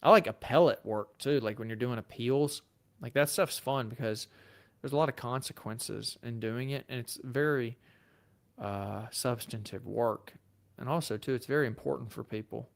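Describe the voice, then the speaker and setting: A man's voice: medium pitch, moderate pace, creaky. A man with a Southern US accent, a lawyer hosting a livestream, who answers viewer questions in a casual, chatty way and thinks aloud. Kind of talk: live Q&A, reading viewer comments.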